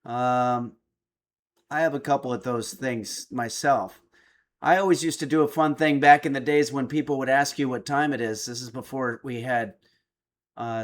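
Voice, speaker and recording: A man's voice: mid-range voice, steady tone, unhurried. A middle-aged man streaming, reading viewer chat aloud with dry, joking replies. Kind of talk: casual chat.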